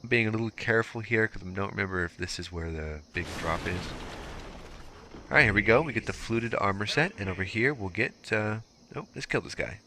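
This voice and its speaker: A man's voice: lowish voice, a little fast, background noise. A young man giving casual, explanatory walkthrough commentary over gameplay, with filler words as he goes. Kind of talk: let's play walkthrough commentary.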